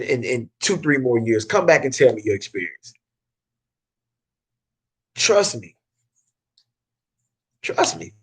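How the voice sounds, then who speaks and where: A man's voice: medium pitch, breathy edge. A man with a Southern accent who runs a car detailing business, giving casual advice and stressing points by repeating them, with frequent restarts. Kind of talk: casual advice talk to camera.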